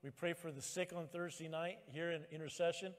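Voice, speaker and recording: A male pastor preaching a sermon at church, emphatic and rising to loud exhortation. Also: on the high side, steady tone, a little fast, long reverb tail.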